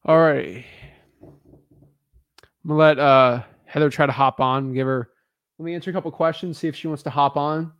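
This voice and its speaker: A man's voice: fairly high pitch, normal speed, pauses often, no room sound, lo-fi sound. A man hosting a live stream as a real estate coach, chatting casually with lots of fillers and restarts. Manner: energetic, rambling, many fillers and restarts.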